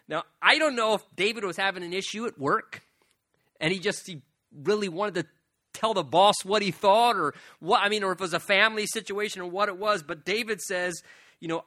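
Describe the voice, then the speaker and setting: A man's voice: sits high, moderate pace, pushed and bright, no echo. A man preaching a sermon in a conversational way, retelling scripture in casual words and chuckling often.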